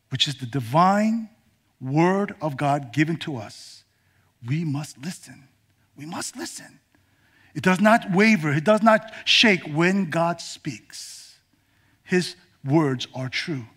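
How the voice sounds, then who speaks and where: High-voiced dramatic male preacher. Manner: dramatic, swinging from emphatic to whispered. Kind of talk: sermon.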